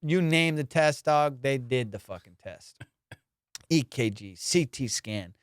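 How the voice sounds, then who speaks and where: A man, a comedian and podcast host, telling a story in casual chat, animated and swearing as he acts out what people said. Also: medium pitch, measured pace, smooth, no echo, clean studio sound.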